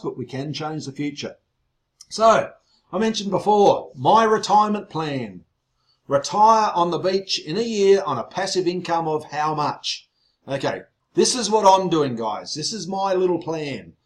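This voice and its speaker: A man hosting an online sales webinar, excitable and teasing, his voice growing loud as he gets worked up. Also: a little high. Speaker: webinar host.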